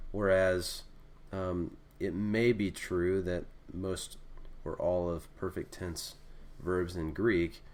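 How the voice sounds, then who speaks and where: A man teaching a casual screen-recorded lesson, thinking aloud as he writes and correcting himself as he goes. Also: deep voice. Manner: relaxed, thinking aloud with fillers and self-corrections. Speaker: Greek teacher.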